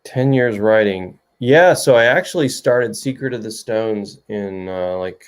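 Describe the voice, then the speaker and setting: A man's voice: lowish voice, unhurried, clean tone. A middle-aged man, an author hosting a livestream, chatting loosely and jokingly with viewers and reading their comments. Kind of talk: casual chat.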